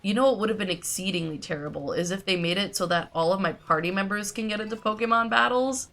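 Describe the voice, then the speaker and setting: A woman streaming a video game, giving wry, sarcastic commentary with casual swearing and a low-energy delivery. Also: fast, a bit bright, faint music behind.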